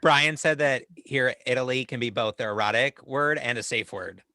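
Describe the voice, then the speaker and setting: A man's voice: mid-range voice, moderate pace, pushed and bright, no echo. A man co-hosting a comedy podcast, making dry asides and introducing the next reading. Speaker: podcast co-host. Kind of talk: casual comedic chat.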